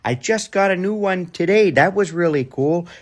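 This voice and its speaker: A chipper, giggly young guy with a somewhat high voice, shrugging off one bad day after another, as a man acts him out. He fills his lines with drawn-out ums and little laughs. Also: lively intonation. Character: hapless, cheerful young man who laughs off misfortune. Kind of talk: comedy sketch monologue.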